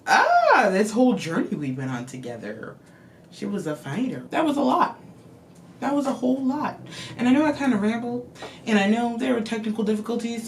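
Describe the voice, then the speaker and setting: A vlogger casually recapping a movie, rambling, swearing freely and telling the plot in animated bursts. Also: mid-range voice, a little hiss or hum.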